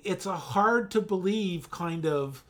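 A man co-hosting a casual chat show, his voice sitting a bit higher than most men's. He talks in a halting way, pausing on ums and repeating words as he gathers his thoughts. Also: lively intonation. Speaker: podcast co-host.

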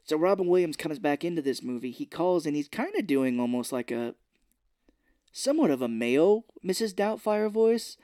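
Male podcast co-host for a lively, profane movie recap with a dry, close-miked sound. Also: normal speed, no echo. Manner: animated retelling, acts out characters' lines in high voices; swears freely. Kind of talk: casual movie recap chat.

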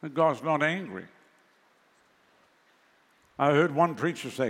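A man's voice: fairly high pitch, normal speed, big-room sound. A male pastor preaching a sermon in a conversational way, with sarcastic asides.

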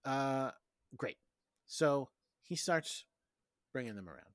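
A man co-hosting a casual podcast, recapping a film and acting out the characters' lines in quick voices. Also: mid-range voice, lively intonation, no room sound, studio quality. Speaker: podcast co-host. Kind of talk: casual movie recap chat.

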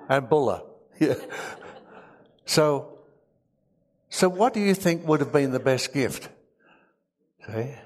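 Emotional man preaching a sermon. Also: medium pitch. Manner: emotional, humorous asides. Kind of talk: sermon with scripture reading.

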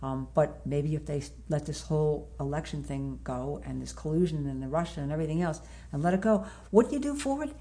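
Older lady author chatting, warm mellow voice, lots of laughs and restarts. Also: low-pitched, steady tone, a little fast, hardly any pauses. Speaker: author guest. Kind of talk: casual interview chat.

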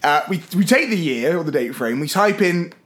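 A young man in his twenties, co-hosting a comedy podcast in a fast, joking, tangent-prone chat. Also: on the high side, lively intonation, fairly bright tone. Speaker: podcast co-host.

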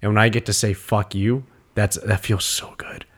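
A man's voice: on the low side, flat delivery, moderate pace, husky. A man in casual podcast chat, talking in a defiant, intense way with plenty of swearing. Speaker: podcast co-host.

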